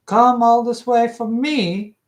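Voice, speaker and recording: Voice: mid-range voice, steady tone, slow pace, pitched above the performer's own voice, lightly acted. Reader doing an uneasy, eager shopkeeper. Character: nervous shopkeeper craftsman.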